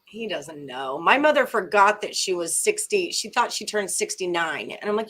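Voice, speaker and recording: A woman's voice: fairly low pitch, lively intonation, fairly bright tone. A woman hosts a casual morning sports betting show. She talks in an upbeat, chatty way, zips through sponsor plugs, and sounds a little tired from a late night. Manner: upbeat, chatty, reads sponsor plug quickly.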